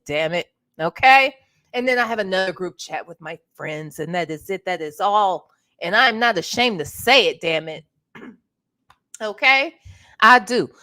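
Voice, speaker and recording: A slightly hoarse woman hosting a casual late-night livestream, chatty and greeting viewers by name, calling them honey. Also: medium pitch, lively intonation, a little slow, bright, forceful tone. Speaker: livestream host.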